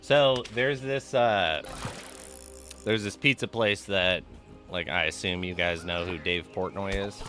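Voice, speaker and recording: A man streaming a game, chatting casually and telling stories in an animated, ranting way, swearing freely. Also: sits low, measured pace, music in the background. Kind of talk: casual live-stream chat while gaming.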